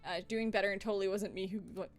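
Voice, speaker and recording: A young woman talks casually from her desk while she works on a craft, chatty and playful, swearing often. Her voice sits at a middle pitch. Soft music plays faintly behind her. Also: steady tone, fast. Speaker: streamer. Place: home desk.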